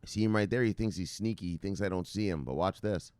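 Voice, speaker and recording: A man hosting a crypto channel livestream, reading viewer comments in an excitable, profane, joking way with shouted catchphrases. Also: deep voice, fast talker, smooth, no echo.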